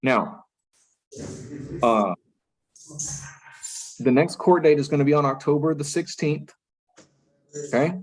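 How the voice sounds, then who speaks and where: A magistrate judge addresses a defendant at a first appearance hearing in a courtroom. His voice sits a little high for a man, and he stays firm yet patient, repeating himself so that he is heard. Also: lively intonation, slow, pauses often, rough recording. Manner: firm but patient, repeats "listen" to hold attention.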